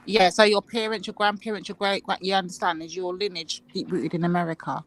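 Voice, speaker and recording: A woman with a fairly low voice takes part in an online panel. She is blunt and presses with pointed questions. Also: level tone, fairly quick, poor audio. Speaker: panel participant. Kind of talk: casual panel discussion.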